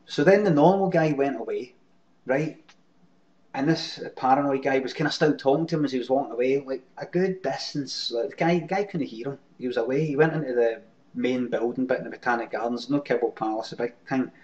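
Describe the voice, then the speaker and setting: A man's voice: mid-range voice, a little fast, a little mellow. A man with a Glaswegian Scottish accent telling a rambling, sweary story to his webcam audience and answering viewer comments. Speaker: webcam show host. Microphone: webcam mic. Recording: lo-fi webcam recording.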